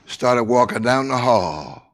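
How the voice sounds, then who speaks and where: With a mid-range, animated voice, an older man tells a story from his own childhood. He uses repeated phrases and dramatic pauses, dropping to a hush when things turn tender.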